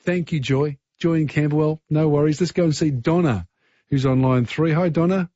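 A man's voice: a little high, moderate pace, warm tone, no echo, muffled recording. A man with an Australian accent hosting a talkback radio quiz, chatty and easygoing. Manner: chatty, easygoing, filler-heavy.

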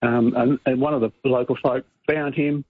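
Aussie dad calling into radio, rambling earnest story, husky, tinny phone line. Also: male voice, mid-range voice, steady tone, normal speed, no echo. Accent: Australian. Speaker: caller.

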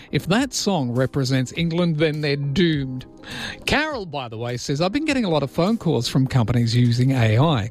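An Australian man hosting early-morning radio, chatting about listener texts and reading the newspaper front pages in a self-deprecating, jokey way. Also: medium pitch. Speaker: radio host. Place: radio studio. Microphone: close studio microphone.

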